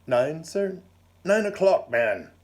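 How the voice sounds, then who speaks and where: A man's voice: a little high, very animated, takes it slowly, voice pushed up. A man voicing a bluff, lecherous aristocratic old lord who speaks in clipped, blustering phrases. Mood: blustery. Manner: clipped, blustering upper-class talk.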